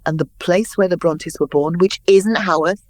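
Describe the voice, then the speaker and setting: Lively older woman telling anecdotes. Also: lowish voice, moderate pace, no echo. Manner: lively anecdotal storyteller, acts out quotes. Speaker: guest. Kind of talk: interview storytelling.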